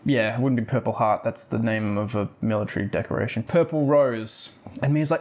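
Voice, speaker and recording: A man's voice: mid-range voice, a little fast, darkish tone. A man hosting a podcast, casually retelling a book's plot with wry asides. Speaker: podcast host. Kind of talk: casual book review podcast.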